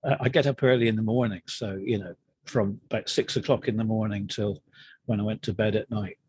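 A middle-aged man, frankly and haltingly telling his own recovery story as a guest in an interview. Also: fairly low pitch, steady tone, a little mellow, slight background noise. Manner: frank, halting and self-deprecating. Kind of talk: candid personal storytelling.

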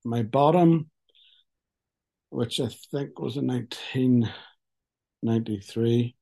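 A man talks through his story at a recovery meeting. His voice is mellow and of middling pitch, and he speaks frankly with a wry, halting edge. He comes through a video call. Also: vocal fry. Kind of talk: personal testimony.

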